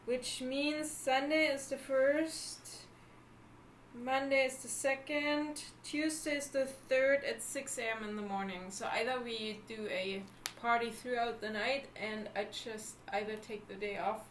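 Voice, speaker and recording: A woman's voice: on the high side, fairly even intonation, unhurried. A woman from Germany with a German accent, co-hosting a casual livestream chat and often searching for words. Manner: chatty, restarts sentences, searches for words. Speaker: livestream co-host. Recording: echoey room with faint background noise.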